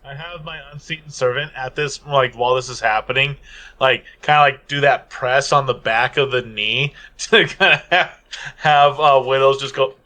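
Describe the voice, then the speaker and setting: Hesitant, bright-toned man player. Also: medium pitch, normal speed. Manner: hesitant, lots of ums and likes. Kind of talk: casual tabletop play.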